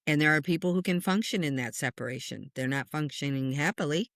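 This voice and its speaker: A woman who works as a spiritual medium, a guest telling stories in an earnest, passionate, animated way. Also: low-pitched, a little fast, no echo, clean studio sound. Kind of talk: conversational interview storytelling.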